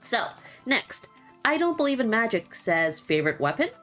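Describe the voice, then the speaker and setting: A woman's voice: a little high, very animated, normal speed, a bit bright. A woman chatting casually as she answers viewer questions, rambling and laughing often. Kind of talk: casual Q&A chat. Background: faint background music.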